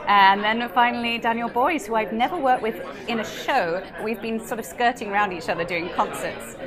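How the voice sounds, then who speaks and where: A woman's voice: a little high, moderate pace, crowd noise. A young British woman, a musical theatre actress, chatting in an interview in a bubbly way and laughing often. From England. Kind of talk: casual interview chat.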